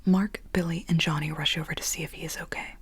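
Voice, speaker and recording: A woman ASMR host reading a script aloud in soft whispered role-play on a binaural mic, with casual chatty asides. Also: low voice, fairly even intonation, fast, husky.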